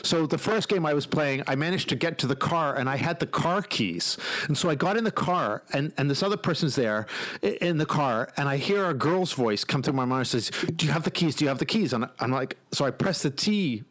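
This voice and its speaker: A man chatting casually about a video game and telling a funny story with growing excitement. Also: a little high, brisk. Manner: animated storyteller, laughs while telling.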